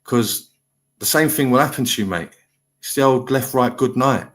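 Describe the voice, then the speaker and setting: A man's voice: mid-range voice, moderate pace, a bit bright. A middle-aged man hosting a live stream panel, talking bluntly and lecturing in a heated chat.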